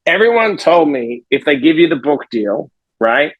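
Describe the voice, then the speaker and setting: A man who is a life coach and author, telling a story in a podcast conversation with lively energy and acting out the people in it. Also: on the high side, moderate pace, no echo, highs cut off. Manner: energetic, acts out the people in his stories.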